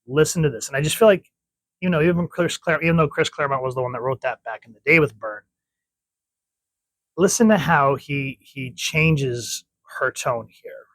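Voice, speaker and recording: A man's voice: fairly high pitch, normal speed, fairly bright tone, no echo, low-quality recording. A man giving a casual comic book review, chatty and rambling, often correcting himself.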